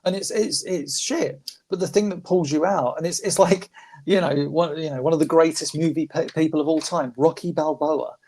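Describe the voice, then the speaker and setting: A man's voice: on the high side, normal speed, darkish tone. A man chatting casually on a podcast, rambling with restarts and swearing. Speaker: podcast regular. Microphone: phone.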